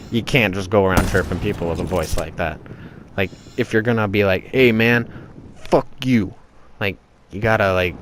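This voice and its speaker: A man's voice: fairly low pitch, background noise. A man narrating his gameplay in a casual, profane, exasperated rant that rambles on.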